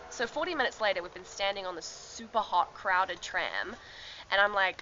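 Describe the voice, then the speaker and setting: A woman's voice: mid-range voice, expressive, normal speed, pushed and bright, highs cut off, a little hiss or hum. A young woman telling a travel story to her camera in a chatty vlog, laughing often and filling with ums and likes. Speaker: travel vlogger. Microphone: handheld camera.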